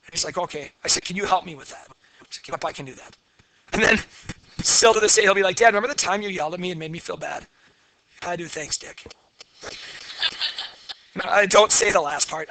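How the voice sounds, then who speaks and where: A man's voice: sits high, bright, forceful tone, no echo. A man, lecturing a class and telling candid, blunt personal stories. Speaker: teacher.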